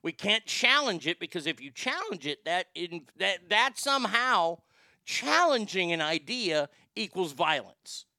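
A man delivers a sarcastic, profane comedic rant as a talk show host. His voice sits high and bright with a crisp, smooth tone. The sound is dry and close, with no room around it. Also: big pitch swings, measured pace, no echo. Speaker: podcast host. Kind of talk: ranting comedic commentary.

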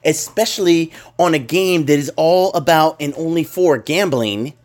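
A man's voice: on the high side, moderate pace. A man in casual podcast chat, rambling and emphatic, swearing freely as he makes his points.

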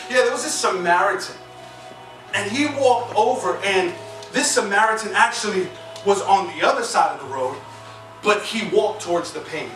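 This pastor's voice is high-pitched with a fairly bright tone as he preaches in a church sanctuary, telling stories with conversational humor and prompting replies from the congregation. It's recorded from afar in an echoey hall, music playing.

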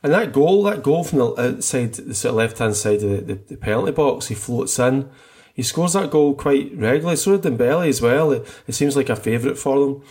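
A man's voice: medium pitch, expressive, a little fast, a little mellow, husky. A middle-aged man co-hosting a casual football chat, enthusiastic and rambling, often restarting his sentences. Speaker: podcast co-host.

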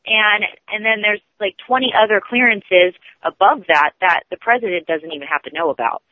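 A man's voice: high-pitched, normal speed, no room sound. A man, a radio show guest calling in, rambling through a story with many restarts. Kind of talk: casual storytelling on a call-in. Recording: tinny phone line.

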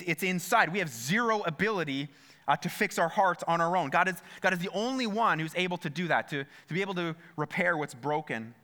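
A man's voice: high-pitched, pushed and bright. A man preaching a sermon in a church, earnest, often repeating phrases and speaking straight to his listeners. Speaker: pastor.

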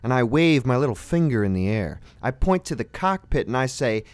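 A man narrating a deadpan comic monologue, dry and matter-of-fact, with sudden high squeals. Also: a little fast, hardly any pauses, dry recording.

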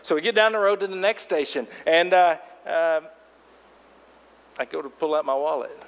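Animated male preacher in an echoey hall. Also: fairly high pitch, moderate pace. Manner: animated storytelling with asides. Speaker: pastor. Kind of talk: sermon.

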